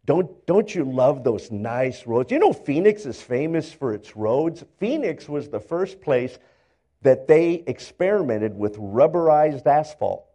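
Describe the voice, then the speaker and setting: An older male pastor preaching a sermon, telling stories in animated fashion and acting out the characters, often repeating words as he builds up. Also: medium pitch, a little slow. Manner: animated storytelling, acts out characters, stammers repeats.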